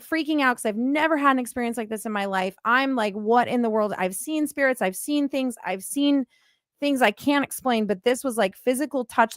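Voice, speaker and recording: A middle-aged woman casually telling a podcast host about her paranormal experience, in an animated, emphatic way with many fillers. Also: on the high side, dry recording. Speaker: paranormal investigator guest.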